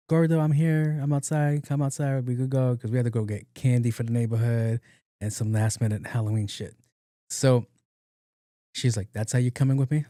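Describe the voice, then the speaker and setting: A man's voice: medium pitch, warm tone, no room sound, studio quality. A young adult man hosting his own podcast, telling funny stories in a casual, joking way and acting out both sides of the conversations. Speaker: podcast host. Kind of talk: casual solo podcast monologue.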